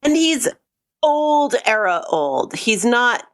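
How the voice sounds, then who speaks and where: A woman co-hosting a podcast, chatting casually and answering with short, quick reactions. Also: fairly high pitch, big pitch swings, smooth. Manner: short reactive replies, laughing. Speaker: podcast co-host.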